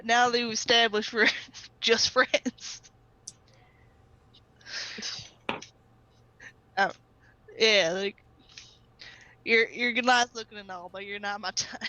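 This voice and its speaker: A woman's voice: fairly high pitch, steady tone, unhurried, long pauses, pushed and bright. A woman voicing a friendly young male noble adventurer who talks in an easygoing drawl. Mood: sheepish. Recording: muffled lo-fi audio.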